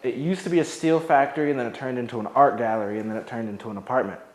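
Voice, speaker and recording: Brief: young man with a mid-range voice, relaxed and jokey, loose fillers, giving a home tour indoors. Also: mid-range voice, rapid-fire. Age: young adult. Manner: chatty, laid-back, jokey, with many "like" fillers. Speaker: formerly homeless youth. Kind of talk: casual home tour talk. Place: his own apartment, indoors.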